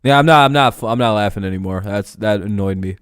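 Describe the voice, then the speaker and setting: A man's voice: on the low side, brisk, fairly bright tone, clear, resonant tone, no room sound, clean studio sound. A man hosting a casual sports talk stream, blunt, profane and rambling. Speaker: host.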